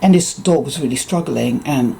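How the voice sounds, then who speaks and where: A man with an English accent, ranting in a casual vlog monologue and telling profane, animated stories. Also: medium pitch, moderate pace, vocal fry, slight background noise. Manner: mimics other people's voices. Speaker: vlogger.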